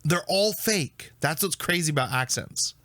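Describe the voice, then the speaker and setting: A man's voice: a little high, expressive, moderate pace, pushed and bright, no room sound. A man co-hosting a podcast, chatting casually with lots of filler words. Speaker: podcast co-host. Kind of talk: casual chat.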